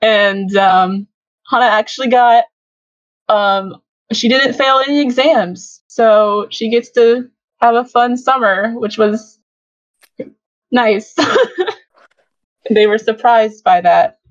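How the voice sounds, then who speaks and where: A woman's voice: fairly high pitch, slow, long pauses, no room sound, highs cut off. Giggly young woman hosting a podcast. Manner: giggly, chatty, lots of fillers. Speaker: podcast host. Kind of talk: casual fan podcast chat.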